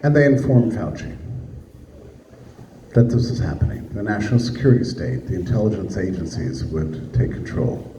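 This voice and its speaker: A man's voice: on the low side, animated, normal speed, mellow. Man lecturing in an echoey hall. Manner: emphatic, sarcastic, rhetorical asides to the audience. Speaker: speaker giving a talk. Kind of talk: public lecture. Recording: echoey room, heard from a distance, faint noise.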